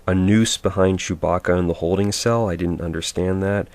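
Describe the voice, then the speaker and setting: A man's voice: sits low, steady tone, normal speed, a little mellow. A man giving a sarcastic, rambling movie review, mocking the scenes and sometimes mimicking the characters in silly voices. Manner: rambling, offhand.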